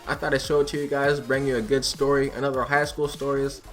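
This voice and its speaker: A teenage gaming host telling a school story over gameplay in a chatty, profane, laughing way. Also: male voice, medium pitch, level tone, fast talker, a bit bright. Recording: music playing behind the voice. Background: background music.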